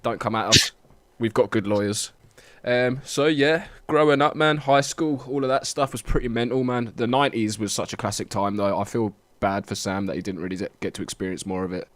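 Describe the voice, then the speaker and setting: A man's voice: fairly low pitch, steady tone, fairly quick, hardly any pauses, dry recording. A man of about thirty, co-hosting a podcast in casual, swearing banter. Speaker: podcast co-host. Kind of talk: casual chat.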